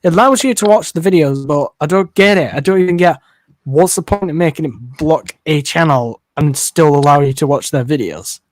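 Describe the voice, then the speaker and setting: A man and live streamer chatting casually, rambling with many fillers and pauses. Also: on the high side, dry recording. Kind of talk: casual chat.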